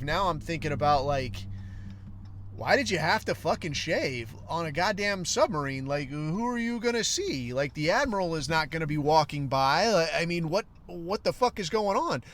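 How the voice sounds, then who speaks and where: A man in his forties tells a long story on his podcast, swearing freely and wandering between asides. His voice sits a little high for a man and his tone stays wry. A faint noise lies under the talk. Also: lively intonation, normal speed, a bit bright. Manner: profane, rambling, wry. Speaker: podcast host. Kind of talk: casual storytelling monologue.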